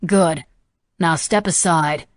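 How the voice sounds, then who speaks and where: A woman's voice: low voice, slow. Woman voicing a sneering, menacing young man. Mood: threatening. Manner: sneering, foul-mouthed threats. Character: young man, jittery, armed, menacing and crude.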